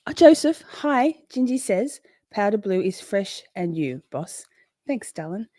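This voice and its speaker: A woman's voice: mid-range voice, sing-song, unhurried, warm tone, dry recording, clean studio sound. A woman in her forties, hosting a casual livestream, chatting loosely, swearing freely and greeting viewers by name. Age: 40s. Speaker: livestream host.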